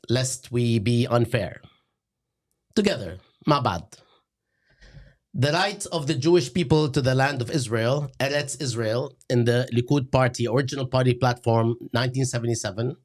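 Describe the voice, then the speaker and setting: A middle-aged man, hosting a satirical lecture in a deadpan, sarcastic manner. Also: mid-range voice, normal speed. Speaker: host.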